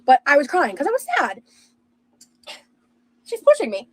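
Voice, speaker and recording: A young woman, a streamer and podcast host, tells a rambling personal story in casual chat, full of fillers and restarts. Her voice sits high with huge pitch swings at normal speed, and the audio is poor.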